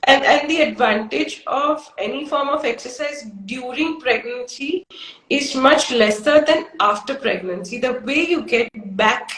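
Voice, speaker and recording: A woman, a doctor and ultrarunner, answering as an interview guest in a lively way, laughing through her stories. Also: high voice. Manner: lively, laughs while telling, fast bursts. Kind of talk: casual interview chat. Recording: roomy echo.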